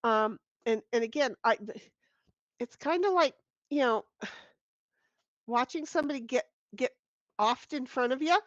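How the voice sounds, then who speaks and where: A woman's voice: high-pitched, measured pace, long pauses, no echo, lo-fi sound. A middle-aged woman hosting a casual livestream from home, reading chat aloud and rambling in a frank, salty way with many restarts. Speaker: streamer host. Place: at home with her dogs. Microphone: computer mic at a desk.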